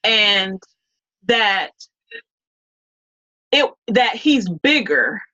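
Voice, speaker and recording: A woman's voice: medium pitch, big pitch swings, extremely slow, bright, forceful tone, highs cut off. A woman as an interview guest, telling a story in a casual, rambling way full of restarts and quoted dialogue.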